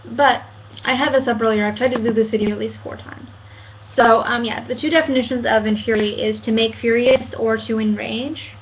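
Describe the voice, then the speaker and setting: A woman in her late twenties vents to her webcam at home, earnest and halting, restarting her sentences and filling pauses with "um". Her voice sits a little high. The audio is muffled and lo-fi, with a faint hiss underneath. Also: steady tone. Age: 20s. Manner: hesitant, many fillers and restarts, earnest. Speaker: vlogger. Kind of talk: casual rant to camera.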